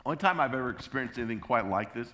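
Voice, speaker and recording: A middle-aged man, a pastor, telling a story from the pulpit with lively acted-out voices and sound effects. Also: very fast. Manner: animated, acts out scenes and sounds with pitch jumps. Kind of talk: storytelling sermon.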